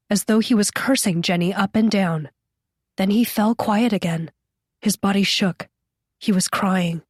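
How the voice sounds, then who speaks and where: A woman reading a horror novel aloud as an audiobook narrator, in a steady, measured style. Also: mid-range voice, dry recording, clean studio sound. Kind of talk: scripted narration.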